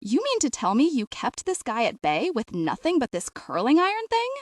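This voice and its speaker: A woman's voice: high-pitched, wildly swooping pitch, moderate pace, no echo, studio quality, full character voice. A woman voicing a polite, puzzled male police officer asking questions. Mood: questioning.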